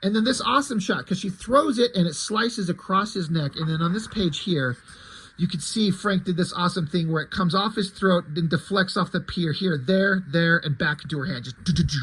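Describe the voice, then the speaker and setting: A man's voice: sits high, a little fast, fairly bright tone, slight background noise, low-quality recording. A man casually retelling a comic book story, enthusiastic and chatty.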